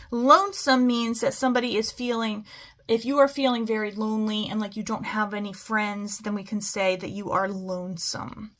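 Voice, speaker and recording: A woman's voice: mid-range voice, fairly bright tone. A woman teaching a phonics lesson to children, stretching out words as she models them. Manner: slow, stretched-out word modeling.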